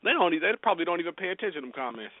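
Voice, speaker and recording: A man's voice: a little high, very animated, rapid-fire, no echo, phone-quality sound. A man hosting a casual talk show, giving joking, rambling advice on promoting music, often laughing. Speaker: podcast host.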